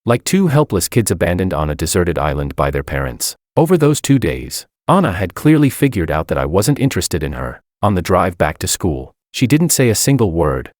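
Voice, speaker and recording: A man narrates a first-person story with an even, wry delivery. His voice is deep yet moves in a lively way, recorded close and dry. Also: no echo.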